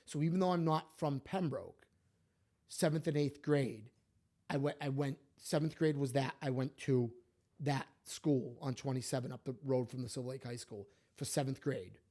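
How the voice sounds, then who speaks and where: A man, co-hosting a podcast, telling stories and opinions in an animated, emphatic way. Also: medium pitch, moderate pace. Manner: animated, emphatic, repeats himself. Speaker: podcast co-host. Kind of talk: casual opinionated storytelling.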